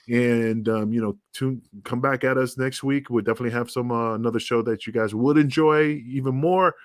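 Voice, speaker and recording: A man's voice: mid-range voice, fairly even intonation, a little fast, few pauses, no echo, clean studio sound. A man co-hosting a wrestling talk show, talking casually and stammering as he rambles. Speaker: co-host. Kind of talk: casual chat.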